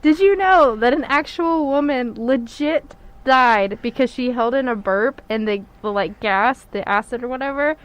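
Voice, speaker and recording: A woman's voice: high-pitched, moderate pace, few pauses, low-quality recording. A young woman guesting on a casual podcast, giggling as she shares strange facts. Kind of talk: casual chat.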